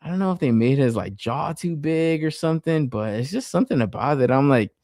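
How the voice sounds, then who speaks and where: A man's voice: on the high side, brisk, no echo, studio quality. A man co-hosting a toy collecting podcast, chatting casually and swearing constantly as he reviews an action figure. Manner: profane, animated, laughs often. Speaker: podcast co-host.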